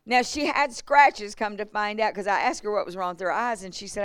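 A woman revival preacher tells healing stories in a church sermon with a mid-range, smooth voice, a little fast and hardly pausing. She gives animated testimony with laughter and acted-out quotes, and no room sound is audible.

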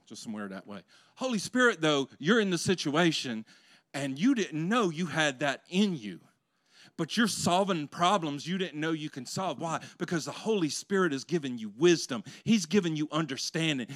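A male pastor preaching a conversational sermon that swells into loud, passionate peaks. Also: fairly high pitch, no room sound.

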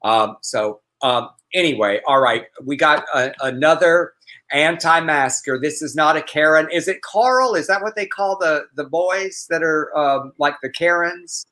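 Man, casual news commentary co-host, chatty, exasperated, slightly high voice. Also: a little slow, sharp tone. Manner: chatty, exasperated, profane asides. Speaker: podcast co-host.

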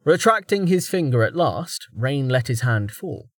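Brief: male fantasy audiobook narrator, mid-pitch, dry close mic. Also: sing-song, unhurried, dry recording.

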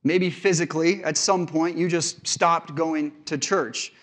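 A male pastor preaching in a slightly high-pitched voice. He speaks conversationally and earnestly, weaving stories from home life into his sermon. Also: fairly even intonation, a little slow, fairly bright tone. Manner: conversational storytelling from family life.

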